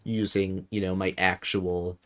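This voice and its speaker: A man with a deep voice and a Midwestern accent, casually commenting while streaming a game, hesitant with many fillers. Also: little pitch movement, unhurried, a bit bright. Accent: Midwestern American. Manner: hesitant, filler-heavy, self-deprecating.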